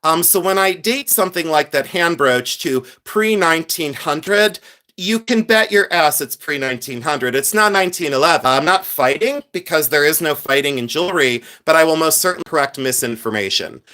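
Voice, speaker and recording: A man's voice: on the high side, animated, moderate pace, bright, forceful tone. A middle-aged man hosting a live stream about antique jewelry, chatty and self-assured, firmly correcting misinformation. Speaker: antique jewelry collector and channel host. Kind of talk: live-stream show-and-tell.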